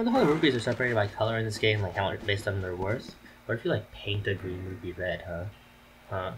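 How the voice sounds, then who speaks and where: A man's voice: lowish voice, brisk, fairly bright tone, slight background noise, poor audio. A man casually commenting on a video game as he plays, joking and sarcastic. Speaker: let's play commentator.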